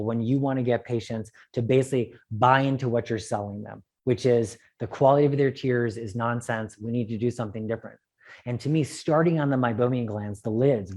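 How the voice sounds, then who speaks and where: Animated man giving a medical lecture. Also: medium pitch. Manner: animated, joking asides, quick digressions. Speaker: optometrist lecturer. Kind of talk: conference lecture.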